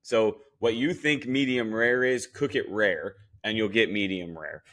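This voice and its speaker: A man's voice: on the low side, measured pace, fairly bright tone. A young man hosting a podcast, giving a blunt, joking recap of a cooking show and swearing freely as he talks straight at the contestants. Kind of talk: casual recap commentary.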